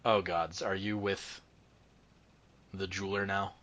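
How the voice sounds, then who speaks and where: A man's voice: low-pitched, little pitch movement, a little slow, fairly bright tone. Weary frontier lawman, fatherly drawl, put on by a man. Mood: wary. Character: weary middle-aged male frontier constable.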